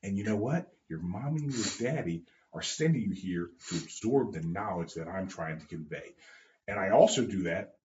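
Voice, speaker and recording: A man co-hosting a casual podcast chat as a jiu-jitsu coach, blunt and profane, getting loud when he is worked up. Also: low voice, lively intonation, normal speed, slight background noise. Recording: dull lo-fi sound in an echoey room.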